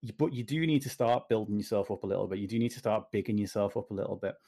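A British man speaking as a guest in a casual interview, animated and joking as he gives advice. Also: fairly low pitch. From Britain. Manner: animated, jokey, talks in quick asides. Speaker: podcast guest, confidence coach.

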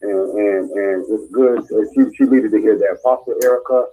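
Deep-voiced man hosting a prayer broadcast. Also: moderate pace, warm tone, low-quality recording. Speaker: host and minister.

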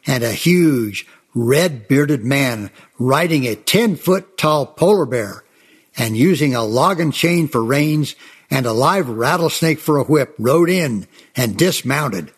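Husky folksy storyteller man. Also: mid-range voice, animated, slow pace. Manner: chatty, addresses listeners as folks, with fillers. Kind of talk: folksy storytelling of Old West tales.

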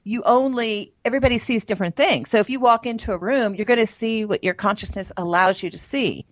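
A woman's voice: fairly high pitch, a little fast, no room sound. Chatty reflective woman co-host. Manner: reflective, chatty, many "like" and "you know" fillers. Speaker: podcast co-host. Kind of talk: casual spiritual chat.

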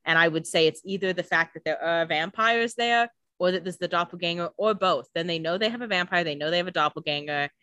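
A woman's voice: on the low side, quick pace, few pauses, bright, forceful tone, clear, resonant tone, dry recording. A woman co-hosting a podcast, recapping a TV episode in casual, chatty talk full of "like" and the odd swear. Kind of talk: casual chat.

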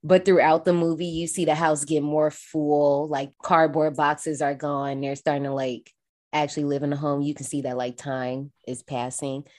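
A woman co-hosting a podcast in casual chat, recapping a film in an animated, profane way. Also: deep voice, normal speed. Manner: animated, profane, acts out characters. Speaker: podcast co-host.

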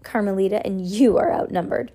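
A woman's voice: mid-range voice, a little fast, mellow, close to an everyday voice. A woman doing a spoiled bratty girl. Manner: bratty, self-centered.

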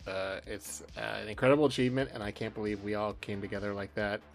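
A man's voice: on the low side, steady tone, fast, gravelly, soft background music. A man co-hosting a podcast, chatting casually and rambling with lots of fillers about his own writing. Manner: rambling, self-deprecating, many fillers. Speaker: podcast co-host. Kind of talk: casual chat.

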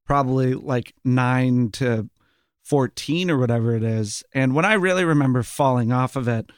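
A man's voice: medium pitch, normal speed, smooth, no room sound, studio quality. A man in casual podcast chat, retelling scenes animatedly and acting out bits of dialogue. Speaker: podcast panelist.

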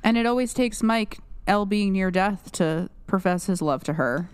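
A woman with a New Jersey accent co-hosts a casual podcast, chatting and laughing as she quotes lines from the show. Her mid-range voice moves smoothly at a normal speed, and the recording is dry.

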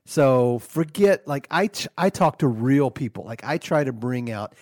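A petty, easily offended devil hosting his own podcast, played by a man. His voice sits at a middle pitch, aggrieved and flustered, full of restarts. The recording is dry and close, with no room echo. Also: animated, a little slow, darkish tone, lightly acted. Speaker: podcast host.

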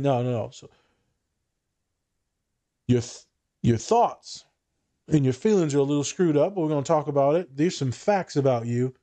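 A man's voice: mid-range voice, expressive, moderate pace, long pauses, dark tone. Male therapist-host, frank and foul-mouthed, loose joking delivery. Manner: blunt, profane and joking. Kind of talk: casual podcast chat.

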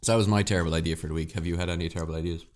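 Fast-talking man with a very deep voice. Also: fairly even intonation, darkish tone. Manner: self-mocking, wry, asks questions. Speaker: podcast co-host. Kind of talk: casual chat.

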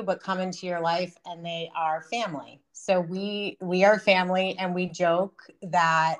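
A woman hosting a spiritual podcast over a remote call, bubbly and effusive, laughing often. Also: lowish voice. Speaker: podcast host. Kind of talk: casual spiritual podcast chat.

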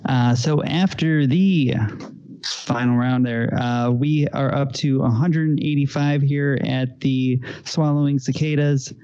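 A man's voice: medium pitch, fairly even intonation, slow, warm tone, no echo. A man co-hosting a trivia podcast, keeping score and joking wryly. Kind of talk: casual chat on a trivia podcast. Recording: slightly dull, lo-fi sound.

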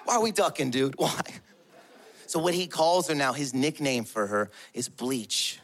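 A man performing stand-up comedy, telling crude family stories in an animated way. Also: mid-range voice, a little slow.

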